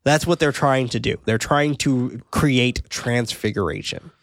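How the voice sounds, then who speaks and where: Man, podcast co-host, casual film recap, laughs and swears, middle pitch, dry sound. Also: measured pace, no room sound. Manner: recaps plot loosely, swears, laughs often.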